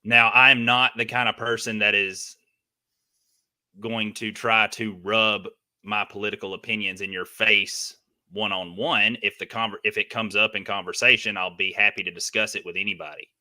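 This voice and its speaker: Southern male guest, lowish pitch, bright tone, earnest interview talk. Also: level tone, moderate pace. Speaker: guest, ring announcer.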